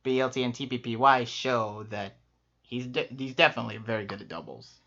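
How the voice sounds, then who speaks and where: A man co-hosting a casual chat, talking quickly with lots of fillers and laughs. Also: medium pitch, creaky, pushed and bright. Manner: quick, upbeat, laughs often, many fillers. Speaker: co-host ranking players. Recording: muffled lo-fi audio.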